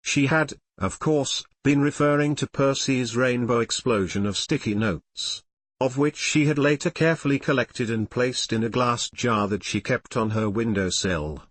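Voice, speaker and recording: A man reading fan fiction aloud as narrator, telling the story in an animated way. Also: medium pitch, moderate pace, no room sound. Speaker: audiobook reader.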